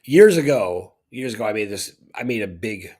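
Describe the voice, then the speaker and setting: A man's voice: fairly low pitch, expressive, normal speed, darkish tone, slightly rough. A man co-hosting a talk radio show, telling long rambling stories that turn heated. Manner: rambling storytelling with heated bursts. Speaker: co-host. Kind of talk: casual talk radio chat.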